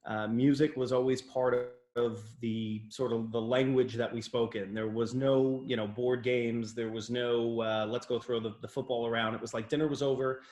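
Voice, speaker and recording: A man's voice: medium pitch, normal speed, hardly any pauses. Teasing man in an echoey room. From New York State. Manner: playful teasing, lively, stumbling restarts. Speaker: guest, business owner. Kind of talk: casual interview.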